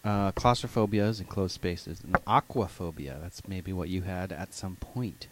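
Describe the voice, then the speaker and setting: A man's voice: deep voice, moderate pace, noisy background. A man co-hosting a podcast in casual chat, dry and sarcastic in his asides. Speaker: podcast co-host.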